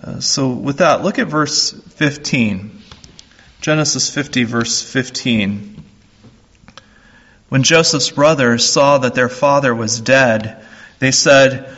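A man preaching a sermon as a pastor, slow and earnest, repeating his phrases. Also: mid-range voice, fairly bright tone, highs cut off.

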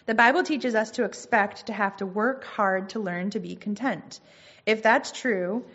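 A woman's voice: mid-range voice, a bit bright, lo-fi sound. A woman giving an earnest, conversational Christian teaching, with casual asides between points. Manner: earnest, conversational, reads scripture aloud.

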